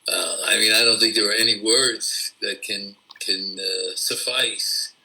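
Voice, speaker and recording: A man speaking as a guest in an online interview, halting and searching for words. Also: lowish voice, steady tone, pushed and bright, rough recording.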